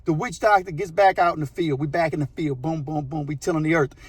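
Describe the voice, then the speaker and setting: A man, a channel host telling a story in a casual, animated, slangy way. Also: fairly high pitch, quick pace, breathy edge, no echo. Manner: animated, slangy, repeats phrases for effect.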